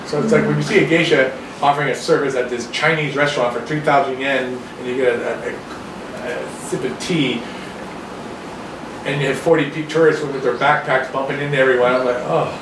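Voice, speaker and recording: A man from Canada giving a casual talk to a small audience in a restaurant, rambling and animated, often acting out other people's voices. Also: mid-range voice. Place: restaurant room. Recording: echoey room, distant mic, background noise.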